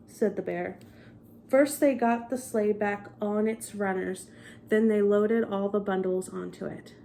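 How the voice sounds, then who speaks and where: Woman reading a storybook aloud, slow. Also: mid-range voice, fairly even intonation, darkish tone, a little hiss or hum. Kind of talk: casual read-aloud narration.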